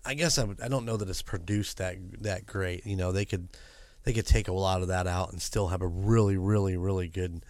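A man co-hosting a podcast in casual chat, rambling through restarts and jokes. His voice sits low, and the recording is dry and close. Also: fairly even intonation, brisk, darkish tone, no room sound. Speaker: podcast co-host.

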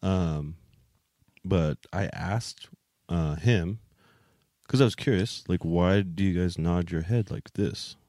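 A young man co-hosts a casual podcast in a very deep voice, swearing freely and laughing between points. He sounds close and dry, with no room around him. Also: slow pace, dark tone, dry recording. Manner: crude, swearing, laughs often. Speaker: podcast co-host. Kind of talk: casual chat.

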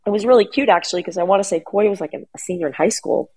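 A woman's voice: medium pitch, very fast, darkish tone, slightly rough, poor audio. A middle-aged woman chatting casually as a guest, telling a long family story with lots of restarts and fillers. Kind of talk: casual chat.

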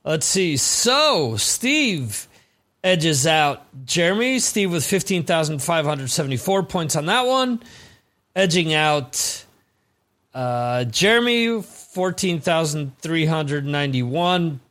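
A man's voice: on the high side, expressive, takes it slowly, fairly bright tone. A man hosting a live-streamed trivia quiz, reading questions and scores with chatty, rambling asides.

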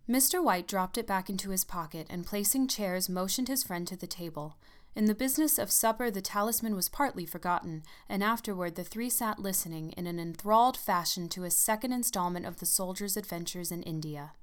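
A woman narrating a story in a measured, calm reading voice. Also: on the low side, clear, resonant tone.

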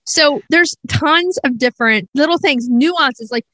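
A woman's voice: high voice, measured pace, bright, forceful tone, dry recording. A woman co-hosting a podcast, chatting enthusiastically and laughing easily. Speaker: podcast co-host. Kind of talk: casual podcast chat.

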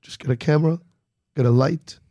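A man's voice: a little high, a little fast, dry recording, clean studio sound. A man, a comedian, chatting casually on a podcast and acting out other people's voices as he tells stories. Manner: animated storytelling, acts out other people's voices. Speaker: comedian guest.

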